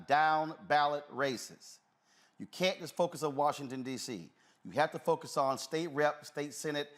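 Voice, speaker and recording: Emphatic man hosting a talk show. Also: mid-range voice. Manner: emphatic, conversational, many filler uhs. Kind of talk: live talk show commentary.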